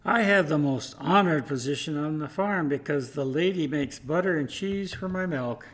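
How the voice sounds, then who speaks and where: A man's voice: on the high side, moderate pace, natural voice. A man doing a haughty cow, dismissive, self-important.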